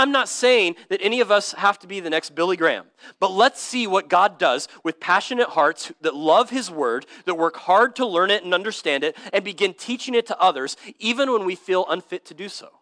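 This pastor's high, bright voice is animated and brisk as he preaches at a church service, with few pauses. Earnest and emphatic, he slips in casual slang and keeps repeating words to build his point, captured in a dry, close recording with no room sound.

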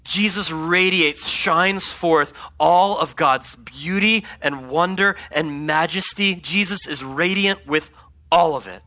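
A pastor with a fairly high voice preaches slowly in a conversational, animated sermon. He keeps checking in with the congregation by asking "right?"

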